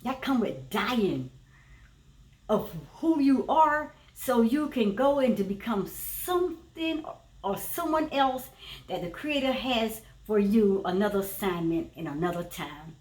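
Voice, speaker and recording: A woman's voice: on the high side, animated, unhurried, darkish tone. A woman, a teacher and former preacher, giving a personal spiritual testimony in an earnest, emphatic way, often repeating her phrases. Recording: roomy echo, voice from a distance.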